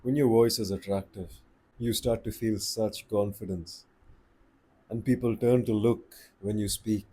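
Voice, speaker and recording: A man giving voice tips in a relaxed, unhurried, conversational way, slowing down to stress his points. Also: fairly low pitch, slight background noise. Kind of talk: casual advice talk to camera.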